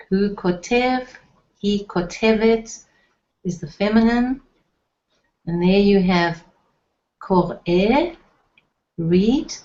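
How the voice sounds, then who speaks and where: A woman's voice: lowish voice, warm tone. A woman teaching a Hebrew language lesson, patiently repeating words with frequent ums. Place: indoor room, recorded at night. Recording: echoey room, dull lo-fi sound.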